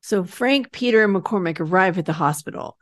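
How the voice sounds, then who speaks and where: A podcast co-host casually recaps a TV episode's plot, acting out the characters' lines along the way. Her fairly low voice is expressive and a little fast, captured in clean studio quality with no room sound.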